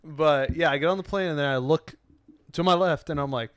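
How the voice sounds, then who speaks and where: A young man co-hosting a podcast in casual chat, telling stories with lively quoted voices and frequent laughs. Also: fairly quick. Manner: animated storyteller, acts out quotes with sudden loud pitch jumps, laughs often. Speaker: podcast co-host.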